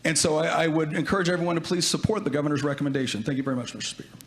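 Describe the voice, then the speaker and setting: Male lawmaker, somewhat high pitch, measured floor speech with halting restarts. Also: steady tone. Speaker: state legislator. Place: large legislative chamber.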